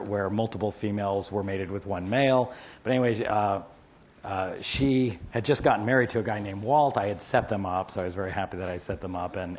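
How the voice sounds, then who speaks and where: Guy lecturing bio to a class, chatty and animated, tells funny stories about friends. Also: mid-range voice, a little hiss or hum. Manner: animated storyteller, quotes friends in asides. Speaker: university biology lecturer. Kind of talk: lively lecture with anecdotes. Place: lecture hall.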